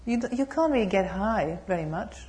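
A Buddhist nun giving a dharma talk, telling humorous, animated stories. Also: female voice, medium pitch, fairly quick. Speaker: Buddhist nun and meditation teacher.

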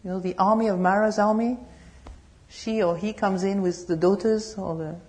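A Buddhist nun giving a dharma talk, telling humorous, animated stories. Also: female voice, medium pitch, moderate pace. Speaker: Buddhist nun and meditation teacher.

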